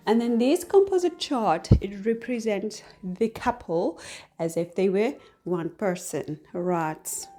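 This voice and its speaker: A woman hosting an astrology talk, explaining in a casual, chatty way with many fillers. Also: mid-range voice. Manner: chatty, many fillers, acts out whispered and shouted examples. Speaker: astrology channel host.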